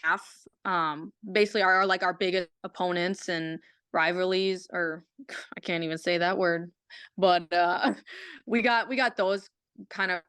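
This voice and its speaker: A woman's voice: fairly low pitch, a bit bright, clear, resonant tone, no echo. A young woman, a college athlete, chatting casually in an interview, often repeating words and using fillers. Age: young adult.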